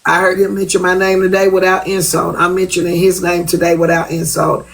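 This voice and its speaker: A woman's voice: fairly low pitch, little pitch movement, fairly quick, vocal fry, poor audio. A woman talking bluntly on a live stream, repeating herself for emphasis. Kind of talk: casual live-stream chat.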